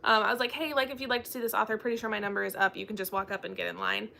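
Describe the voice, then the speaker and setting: A woman's voice: medium pitch, steady tone, racing, creaky, bright, forceful tone, slight background noise. A young woman hosting a casual book chat, telling a bubbly story and acting out the quoted dialogue. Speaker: book channel host.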